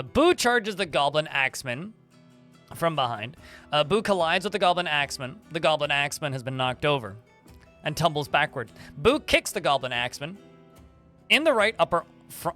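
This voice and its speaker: A man's voice: on the high side, very animated, normal speed, pushed and bright, faint music behind. A man streaming a video game, reading the combat log aloud with many fillers and restarts while chatting with viewers. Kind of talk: livestream gameplay commentary.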